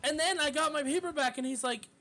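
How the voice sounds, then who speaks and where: A man streamer telling a casual, profane story in an animated way, full of fillers. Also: very high-pitched, fast talker, faint music behind.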